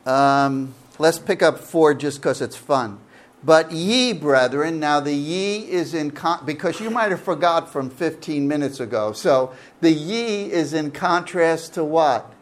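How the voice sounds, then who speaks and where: Slow, questioning male pastor. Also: a little high. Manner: asks the audience questions, animated. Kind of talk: Bible study sermon.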